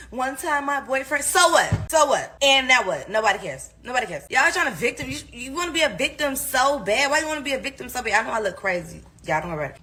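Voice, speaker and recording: A woman's voice: a little high, big pitch swings, fairly quick, few pauses, pushed and bright. A woman, ranting dismissively and scornfully in a social media clip. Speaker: influencer in a played clip.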